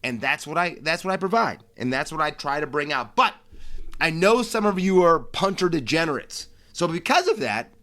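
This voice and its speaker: A man's voice: on the high side, animated, normal speed, fairly bright tone. An American man hosting a solo sports podcast, talking casually with brash flair and frequent restarts. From United States. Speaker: podcast host.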